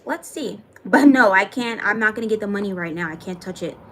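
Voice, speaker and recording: A woman's voice: medium pitch, lively intonation, brisk, fairly bright tone. A young adult woman chatting casually on a livestream, thanking viewers by name and swearing now and then. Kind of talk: casual livestream chat reading comments.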